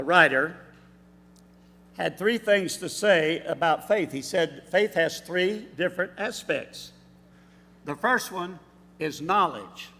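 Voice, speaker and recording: Guy preaching a sermon, slightly high voice, slow and explanatory, long echo in the church. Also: fairly bright tone. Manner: measured, explanatory preaching with pauses. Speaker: substitute preacher. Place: church sanctuary. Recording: reverberant church hall.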